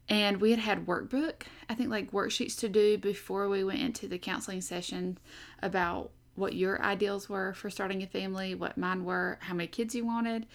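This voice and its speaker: A young adult woman hosting a casual podcast, chatty and upbeat with frequent fillers. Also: mid-range voice. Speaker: podcast host.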